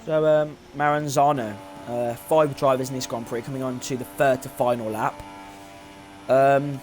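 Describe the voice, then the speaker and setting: A man's voice: mid-range voice, unhurried, pauses often, faint music behind. A young man doing live commentary on a sim race, rambling and joking with lots of fillers. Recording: faint background noise.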